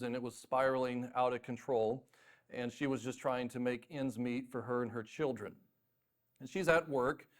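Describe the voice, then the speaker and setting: A man from North Carolina preaching a sermon as pastor, telling stories in a self-deprecating, animated way. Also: medium pitch. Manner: storytelling, self-deprecating, animated with mock voices.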